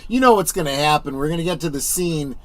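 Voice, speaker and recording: A man's voice: a little high, lively intonation, quick pace, no room sound. A man hosting a casual movie commentary, chatty and wry as he reacts to the film.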